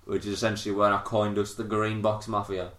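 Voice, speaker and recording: A man, hosting a podcast and telling animated, sweary stories in casual chat. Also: on the low side, a little fast, echoey room. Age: 30s. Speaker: podcast host.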